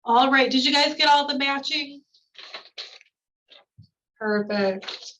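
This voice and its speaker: A woman's voice: high voice, slow, a bit bright, a little hiss or hum. Woman trainer on a distant, dull mic. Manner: reads slides then explains in casual asides. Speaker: new-hire trainer. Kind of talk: recorded training lecture.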